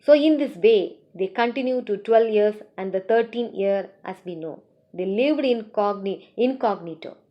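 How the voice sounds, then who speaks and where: A woman teaching a scripture class, retelling stories in a lively way and asking her students questions, on a dull lo-fi recording. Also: medium pitch, normal speed. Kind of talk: storytelling scripture lecture.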